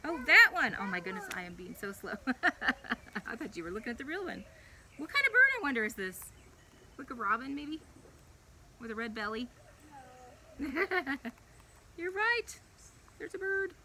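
A young woman leading a preschool chapel, reading a Bible story to young children in a playful, animated way. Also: on the high side, a little slow, pauses often, noisy background.

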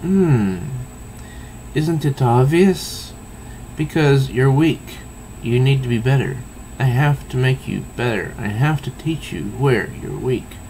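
A man voicing a sultry, cunning female cat burglar from a comic book, drawn-out and teasing. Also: medium pitch, a little mellow, slight background noise, poor audio. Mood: taunting.

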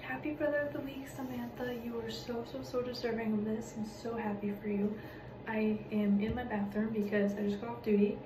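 A young woman in college recording a quiet, affectionate tribute late at night in a small bathroom, keeping her voice down so she won't wake others. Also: fairly high pitch, little pitch movement, brisk. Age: young adult. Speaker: college student giving a tribute. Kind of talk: recorded video message. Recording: echoey bathroom, distant mic, noisy background.

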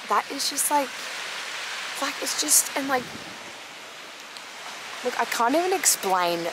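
Australian woman vlogger, slow and rambling, gushy filler-heavy chat, noisy outdoor recording. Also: mid-range voice. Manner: gushing and rambling, full of "like" fillers. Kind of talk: casual outdoor vlog. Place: outdoors by a harbour.

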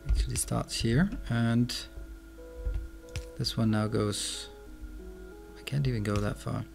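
Gravelly man muttering over a game. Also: medium pitch, fairly even intonation, slow pace, darkish tone, soft background music. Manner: frustrated muttering to himself, swearing at mishaps. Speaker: gameplay commentator. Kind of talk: let's play commentary. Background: keyboard and mouse clicks.

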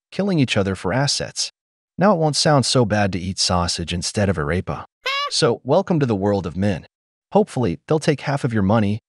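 A man's voice: mid-range voice, dry recording, clean studio sound. Man giving mocking scripted commentary. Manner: mocking, sardonic. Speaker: channel commentator.

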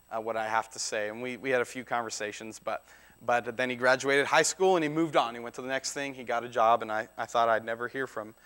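A man's voice: medium pitch, fairly bright tone. A man in his thirties preaching a sermon as pastor, in a conversational way with frequent restarts and asides.

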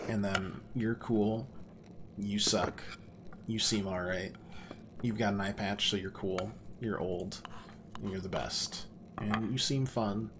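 A man's voice: fairly low pitch, noisy background. A man doing casual gameplay commentary as a let's play host, making joking, offhand remarks.

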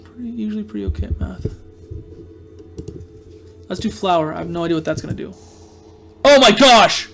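A man giving casual let's-play commentary on a video game, reacting excitably with loud outbursts of frustration. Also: high voice, fast talker, gravelly, long pauses, faint music behind. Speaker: gameplay commentator.

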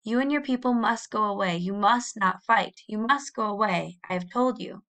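A woman reading aloud gives us a brave young pioneer girl from a storybook, earnest and insistent. She pleads in a slow, deliberate way, and the voice carries a gravelly edge. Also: medium pitch, a bit bright, natural voice. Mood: urgent. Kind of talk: audiobook reading.

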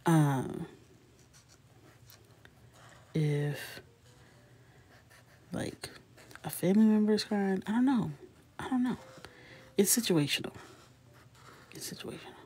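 Hosting a coloring livestream, a woman in her thirties speaks slowly but animatedly in a mid-range voice with a breathy edge and long pauses. She's soft-spoken, chatting and laughing with viewers and frequently dropping to a whisper.

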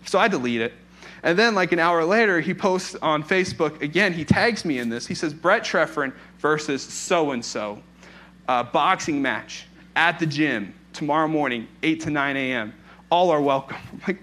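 A man's voice: fairly high pitch, lively intonation, brisk, pushed and bright. A young man preaching as a pastor, telling a personal story in a candid, conversational way. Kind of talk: informal sermon with personal story.

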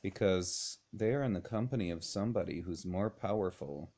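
Man, very low voice, casual Bible teacher, conversational, frequent chuckles, fillers and restarts. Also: moderate pace, mellow. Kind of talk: informal Bible lesson.

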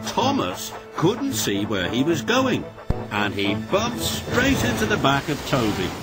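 Brief: male storybook narrator, slow and sing-song, music bed behind. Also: fairly high pitch. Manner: sing-song, expressive reading.

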